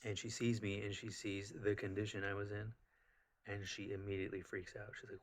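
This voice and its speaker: A man's voice: on the low side, moderate pace. Rambling man telling a story. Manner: rambling, animated, full of fillers. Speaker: vlogger. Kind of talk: casual personal storytelling.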